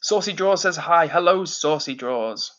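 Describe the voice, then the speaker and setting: A man hosts a live stream from his home, reading out chat messages one by one and sending shout-outs. His voice sits a little high, and he keeps a cheerful, easygoing manner with lots of ums. The stream audio is dull and slightly lo-fi. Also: animated, a little slow. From England, near Manchester. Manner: friendly, upbeat, lots of fillers and shout-outs. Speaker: livestream host reading chat. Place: indoors at home.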